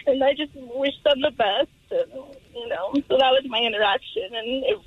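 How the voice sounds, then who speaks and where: A woman's voice: high-pitched, normal speed, husky, no echo. Female radio caller, tinny phone line, dry, hesitant, filler-heavy. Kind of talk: casual phone call. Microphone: telephone.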